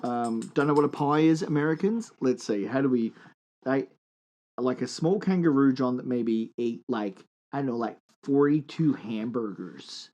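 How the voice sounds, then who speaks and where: A man's voice: medium pitch, lively intonation, moderate pace, warm tone. Joking Australian man co-hosting a podcast. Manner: joking, teasing. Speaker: podcast co-host. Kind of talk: casual banter.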